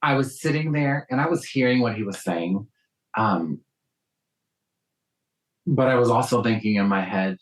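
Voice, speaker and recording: A man's voice: mid-range voice, moderate pace, long pauses, rough recording. A man from South Texas with a faint Southern accent, a guest talking in a casual interview, telling stories with frequent ums and restarts.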